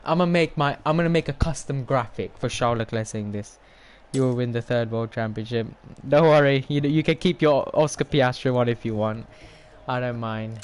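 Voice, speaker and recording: A young man, commentating his racing game on a live stream, excitable and rambling as he talks to chat. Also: medium pitch, moderate pace, hardly any pauses, clean tone.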